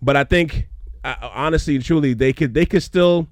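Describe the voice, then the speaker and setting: A man's voice: on the high side, moderate pace, no echo, clean studio sound. Earnest man breaking down sports. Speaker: co-host. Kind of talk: casual sports talk chat.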